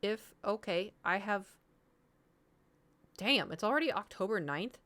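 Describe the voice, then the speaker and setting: A woman's voice: mid-range voice, animated, unhurried, fairly bright tone. Chatty woman streamer in her thirties. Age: 30s. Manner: chatty, rambling storytelling with frequent laughs. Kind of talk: casual chat to a live stream.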